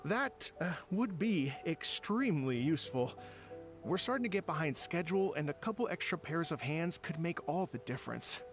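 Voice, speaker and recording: A man's voice: a little high, animated, normal speed. An actor playing a polite male event organizer with a courteous, slightly hesitant way of talking, over game music.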